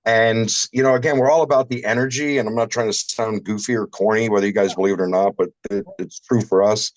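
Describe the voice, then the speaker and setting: Low-voiced man telling a rambling shop story. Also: fairly even intonation, quick pace, no echo, poor audio. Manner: rambling anecdotal storyteller, salty language. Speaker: shower door shop owner. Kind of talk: casual livestream chat.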